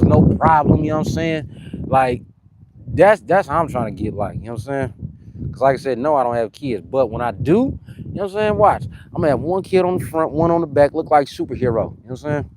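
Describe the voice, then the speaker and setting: A young man from California with a Californian accent, chatting in slang during a live-stream workout and giving shout-outs to viewers, a little short of breath between sets. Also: medium pitch, background noise. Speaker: fitness streamer.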